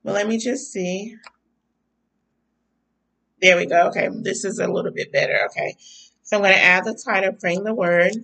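A woman's voice: mid-range voice, steady tone, moderate pace, vocal fry, long pauses, rough recording. A woman hosting her podcast livestream in a casual chatty way, sounding a bit stuffy-nosed and saying "y'all" often. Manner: chatty, warm-spoken with frequent um and y'all. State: stuffy nose. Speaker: podcast host.

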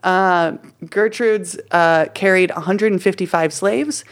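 Casual low-voiced woman podcaster. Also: measured pace. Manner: casual, full of fillers like "like" and "uh", playful slang. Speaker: podcast co-host presenting history research. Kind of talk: casual history podcast chat.

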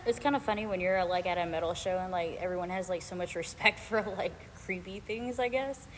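A woman co-hosting a casual chat, excitable and giggly as she jumps in with her own side of the stories. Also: lowish voice, a little fast. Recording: roomy reverb with background noise.

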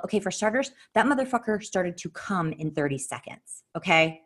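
A woman's voice: fast talker, few pauses, husky. Blunt, foul-mouthed woman telling her story. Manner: profane, blunt and emphatic; animated, with sharp jumps in pitch. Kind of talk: casual personal storytelling.

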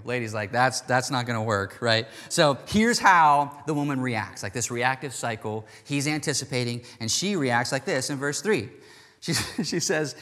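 A man preaching in a relaxed, conversational way, acting out quoted lines as he talks. His voice sits at an ordinary middle pitch. It rings with long reverb, as in a church hall. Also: moderate pace. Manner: animated, chatty, acts out quoted lines. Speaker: pastor. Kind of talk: sermon.

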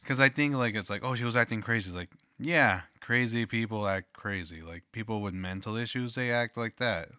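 A man's voice: fairly low pitch, a little fast, few pauses, pushed and bright, clear, resonant tone, dry recording, studio quality. A young man in casual podcast chat, loose and full of fillers. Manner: loose, filler-heavy, laughs easily.

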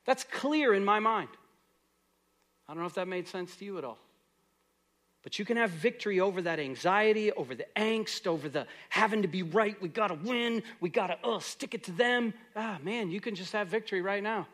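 A middle-aged man preaching a sermon as pastor, moving between loud, earnest exhortation and soft, quiet prayer. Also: sits high, lively intonation, normal speed.

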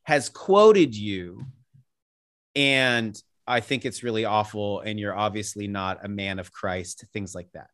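A man talking as an interview guest in a casual podcast conversation, telling rambling anecdotes full of tangents, laughing as he goes and acting out other people's lines in a higher voice. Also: takes it slowly, fairly bright tone. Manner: rambling storyteller who drifts into tangents; acts out quoted people with jumps in pitch.

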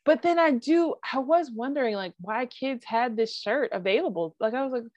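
Animated woman chatting on a lo-fi podcast. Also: a little high, moderate pace, few pauses, no echo. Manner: animated, with frequent likes and asides. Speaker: podcast co-host. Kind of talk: casual chat. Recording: dry, dull lo-fi sound.

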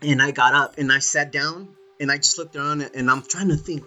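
A man's voice: a little high, brisk, faint music behind. A man telling a story in casual chat, swearing freely and saying "dude" all the time. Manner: swears a lot, animated, says "dude" often.

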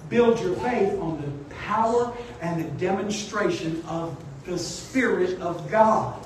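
A man's voice: high-pitched, takes it slowly, a little hiss or hum. A man preaching a sermon as pastor, emphatic and exhorting his congregation. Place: church sanctuary. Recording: echoey church hall, mic at a distance.

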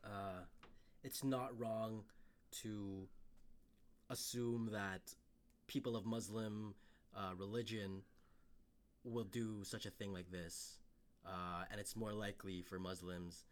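A man's voice: fairly low pitch, steady tone, slow, pauses often. A man co-hosting a casual podcast, reading news stories aloud and riffing on them with loose, profane talk. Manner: loose and profane, reads headlines then riffs. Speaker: podcast co-host.

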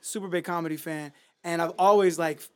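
Laid-back, cursing higher-voiced man. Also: steady tone, a little fast, darkish tone. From Miami. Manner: laid-back, profane, rambling with fillers. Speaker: musician guest. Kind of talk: casual podcast chat.

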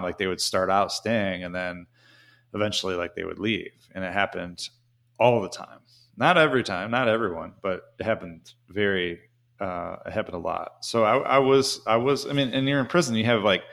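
A man's voice: sits low, fairly bright tone. A man telling a casual, rambling story as an interview guest, with many "you know" fillers.

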